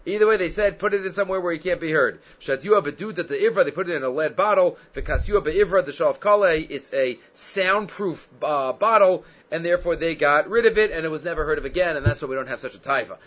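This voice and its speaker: A man's voice: a little high, a bit bright. A man teaching a Talmud class, reading Aramaic passages and explaining them in English with rhetorical questions. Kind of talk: Talmud lecture. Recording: dull lo-fi recording.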